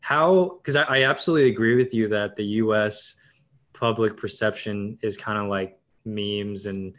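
A man's voice: lowish voice, normal speed, fairly bright tone. A man hosting a casual interview, laughing easily and asking follow-up questions. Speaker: podcast host.

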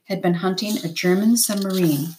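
A woman reading a novel aloud in first person with steady, unhurried storytelling. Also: mid-range voice, slight background noise. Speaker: reader.

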